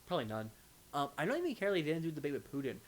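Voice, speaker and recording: A man's voice: on the high side, sing-song, a little hiss or hum. Rambling young man chatting on a podcast. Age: young adult. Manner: rambling, joking, quick asides. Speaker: podcast co-host. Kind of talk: casual chat.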